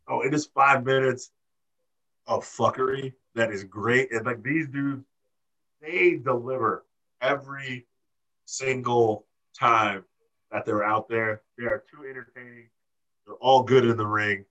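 A man co-hosting a casual wrestling chat, animated and swearing, acting out quotes in high voices. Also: measured pace, long pauses, rough recording. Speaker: podcast co-host.

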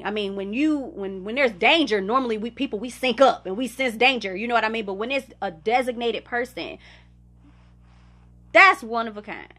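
A woman's voice: medium pitch, sharp tone. A young woman from the United States hosting a podcast, talking candidly and conversationally about her life and laughing now and then. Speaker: podcast host. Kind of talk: reflective personal talk.

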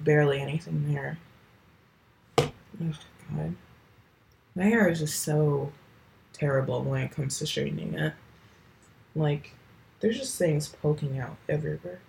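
Rambling teenage girl podcasting, lowish voice. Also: a little mellow, poor audio. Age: late teens. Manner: rambling, filler-heavy, swears casually. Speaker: podcast host. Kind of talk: casual solo podcast chat.

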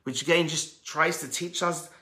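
A man tells a sermon story with a bright, forceful, slightly high voice. He is animated and emphatic and builds to loud peaks. The sound rings in an echoey room. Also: moderate pace. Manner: addresses listeners as friends. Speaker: religious teacher.

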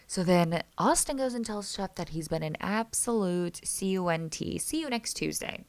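A woman's voice: on the low side, normal speed. A woman hosting a casual reality TV recap, chatty and opinionated, often stopping to restart and correct herself. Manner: chatty, opinionated, animated reactions. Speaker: TV recap host.

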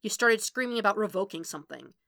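A stubborn young college man, read by a woman, pressing hard with blunt, insistent questions. His pitch climbs and his voice sharpens when he pushes. The tone is bright, in a dry, close recording. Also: lively intonation, fast talker, vocal fry, no room sound. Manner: pushy, escalating to shouting.

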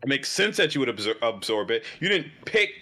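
A man's voice: medium pitch, sing-song, a little fast, bright, forceful tone. A man co-hosting a casual podcast chat, argumentative, stammering and swearing as he makes his point. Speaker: podcast co-host.

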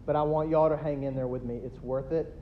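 A pastor in his thirties preaching a sermon, swinging between loud emphatic builds and quiet asides. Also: fairly even intonation, brisk. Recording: dull lo-fi recording with faint rumble.

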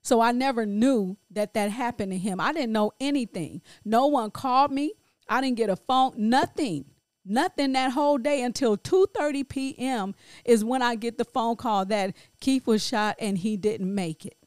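A middle-aged grieving woman speaking in a halting, emotional personal monologue full of restarts. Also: fairly high pitch, darkish tone, dry recording. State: grief-stricken. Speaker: grieving mother sharing her story.

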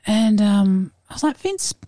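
A woman in her late forties telling personal stories in a casual interview, animated and frank, acting out the voices she quotes. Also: medium pitch, brisk, dry recording, clean studio sound. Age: 40s. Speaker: podcast guest.

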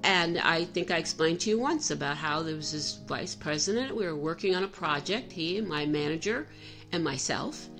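A woman's voice: sits low, animated, moderate pace, a bit bright, soft background music. A middle-aged woman telling a personal story in a candid, self-reflective way, often restarting her sentences.

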